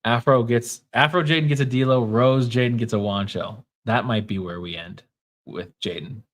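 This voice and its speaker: A man's voice: medium pitch, normal speed. A man with a Minnesota accent hosting a casual livestream, talking in a wry, offhand way and reading comments from the chat aloud. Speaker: podcast host.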